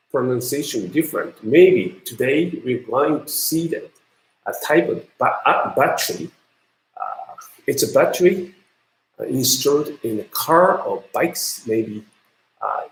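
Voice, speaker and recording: Slow, halting Japanese-accented male lecturer. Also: mid-range voice, lively intonation. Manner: halting, searching for English words. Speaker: university lecturer. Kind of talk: online university lecture. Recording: roomy echo.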